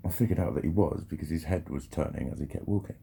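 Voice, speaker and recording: A man's voice: a bass voice, fast talker, vocal fry, dark tone, breathy edge. A man rambling and swearing freely through a casual vlog monologue, often breaking off and restarting his sentences. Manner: rambling, sweary, self-interrupting. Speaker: vlogger.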